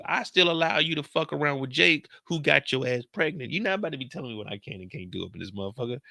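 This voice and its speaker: Bright, lively young man ranting casually. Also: a little high, no room sound. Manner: profane, joking, acts out characters' lines. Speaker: show commentator. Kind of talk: animated casual recap commentary.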